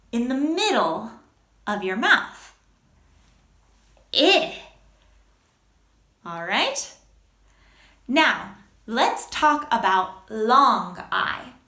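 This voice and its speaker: A woman teaching a children's phonics lesson, speaking slowly and exaggerating each sound for young learners. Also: high voice, echoey room. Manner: slow, expressive, exaggerated sounds.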